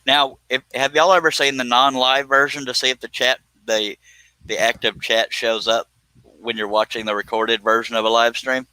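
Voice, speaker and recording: Male stream host, bright, joking, reads chat aloud, close dry mic. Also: medium pitch, level tone, normal speed, smooth, no room sound, poor audio. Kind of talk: casual live stream chat.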